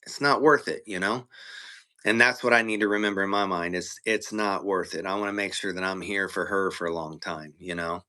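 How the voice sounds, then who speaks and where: Bright-voiced Southern man chatting loosely. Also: deep voice, fairly even intonation, fairly quick, clean tone. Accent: Southern American. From American South. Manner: storytelling, profane, with quoted impressions of his partner. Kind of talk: casual livestream chat.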